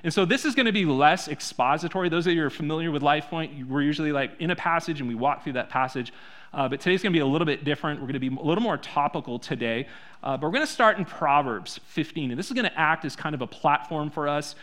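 A man preaching a sermon in a church, conversational, full of rhetorical questions, swinging between soft and loud. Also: fairly high pitch, lively intonation, fast. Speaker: pastor.

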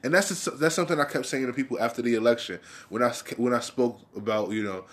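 A man's voice: medium pitch, fast, fairly bright tone, a little hiss or hum. A young man ranting in a casual monologue, heated and profane, rambling with restarts. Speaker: vlogger.

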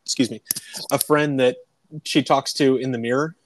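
A man's voice: mid-range voice, fairly even intonation, normal speed, slight background noise. A man in his thirties, co-hosting a casual podcast chat late at night, rambling and swearing as he laughs through stories about his kid. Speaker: podcast co-host, parent.

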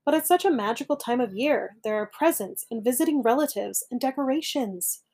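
A woman voicing an eager, chirpy female bird full of holiday excitement. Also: on the high side, a little fast. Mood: excited.

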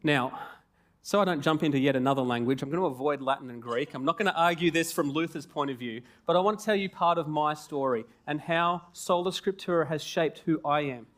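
A male preacher in his forties delivers a sermon with a light, joking manner and plenty of rhetorical questions. His voice sits a little higher than most men's, and he talks like he is chatting with the congregation rather than reading a text. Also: brisk. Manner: animated, jokey and conversational.

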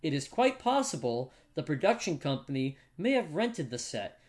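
A man's voice: fairly high pitch, very animated, moderate pace, a little mellow. A man co-hosting a casual podcast, reading out movie facts and joking around, laughing often and restarting his sentences. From United States. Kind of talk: casual chat.

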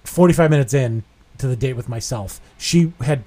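A man in his thirties co-hosting a casual chat, telling a long story in an animated, self-deprecating way with frequent swearing. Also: medium pitch, normal speed. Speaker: podcast co-host.

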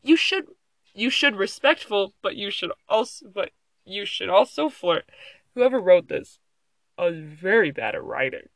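The medium-pitched, slightly bright voice of a young adult vlogger is very animated yet measured in pace as they read an article into a phone in a room at home. Their casual reaction commentary is sarcastic, giggly, and rambling, recorded without echo.

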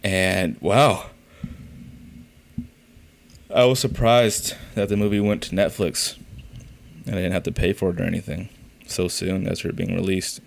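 A man's voice: low voice, fairly even intonation, unhurried, creaky, long pauses. A man hosting a casual solo podcast, telling profane, rambling, exasperated stories about his week. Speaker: podcast host.

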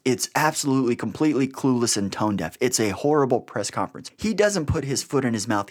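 A man hosting a podcast, giving blunt, sarcastic political commentary with an exasperated edge. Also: mid-range voice. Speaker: podcast host.

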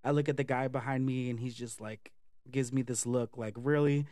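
A man telling a casual, profane story for a vlog, chatty and animated with lots of fillers. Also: mid-range voice, fairly quick, dry recording, clean studio sound. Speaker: vlogger.

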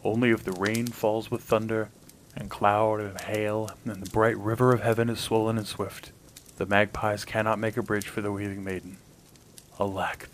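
Low-voiced man reading a fairy tale. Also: a little hiss or hum, poor audio. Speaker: storyteller host. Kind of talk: scripted storybook narration.

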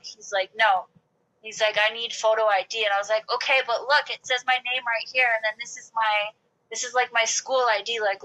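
In a low-quality recording, a woman with a medium-pitched, sharp-toned voice chats casually while telling a long personal story. She says "like" constantly and acts out what other people said, and she sounds to be in her late 20s or older.

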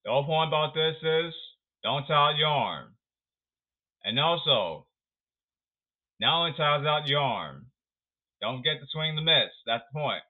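A man's voice: fairly high pitch, expressive, measured pace, pauses often. A man giving a sarcastic, ranting talk about baseball, emphatic and blunt. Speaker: baseball commentator. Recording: tinny phone-like audio.

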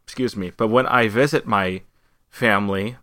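A man's voice: fairly low pitch, normal speed, pushed and bright, no echo, studio quality. A man hosting an improvised comedy interview, asking eager, bumbling questions and apologizing often.

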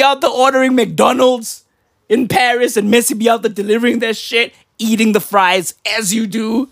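A man's voice: very high-pitched, fairly even intonation, moderate pace, gravelly, fairly bright tone, no echo, clean studio sound. A man in his thirties delivering a profane, slangy comedic rant, constantly asking "right?". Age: 30s.

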